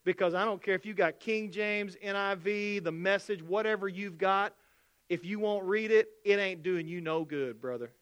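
High, bright-voiced preaching man. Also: normal speed, clean tone. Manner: animated preaching, acts out skeptics' voices. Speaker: pastor. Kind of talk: sermon.

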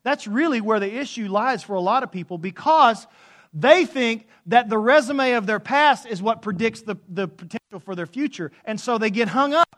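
A man preaching a sermon as pastor, moving from quiet talk to loud, rising preaching. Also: high voice, animated, normal speed.

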